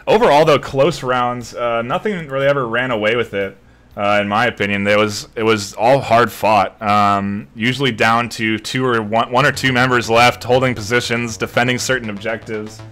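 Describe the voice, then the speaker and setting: Bright-voiced male esports caster. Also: mid-range voice, fairly even intonation, moderate pace. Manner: loose, rambling, swears casually. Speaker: esports shoutcaster. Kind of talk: casual live stream commentary.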